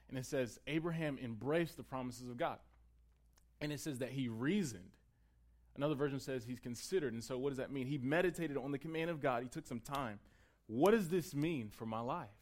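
A man preaching a sermon in a conversational way. He builds to emphatic peaks and then drops to a quiet, close tone. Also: medium pitch. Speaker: pastor.

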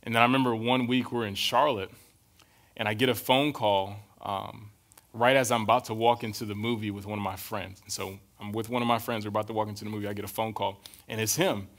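A young adult man preaching a relaxed, conversational sermon, telling stories and often checking in with his listeners. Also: on the low side, quick pace. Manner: casual, storytelling, keeps checking in with "right?".

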